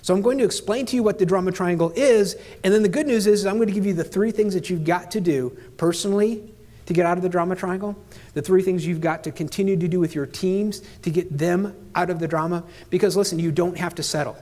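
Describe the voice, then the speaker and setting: A middle-aged man giving an energetic motivational keynote, talking straight at the audience in punchy phrases. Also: sits high, fast talker. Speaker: keynote speaker.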